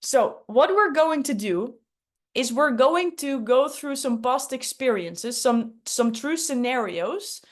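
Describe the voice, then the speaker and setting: Casting: upbeat, emphatic woman hosting a workshop, mid-high voice. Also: lively intonation, takes it slowly. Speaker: workshop host. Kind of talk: online workshop teaching.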